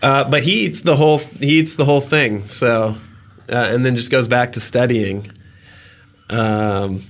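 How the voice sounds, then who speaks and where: A medium-pitched man acts as dungeon master in a tabletop game. He slowly paints vivid, gross details of the scene and laughs at them as he goes.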